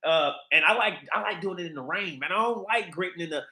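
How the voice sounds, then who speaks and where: A man with a high, bright voice talks straight to the camera in a loose, profane monologue. He rambles from one point to the next in an animated way. The sound bounces around a roomy, echoey space. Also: quick pace. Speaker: vlog host. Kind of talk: casual monologue. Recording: echoey room.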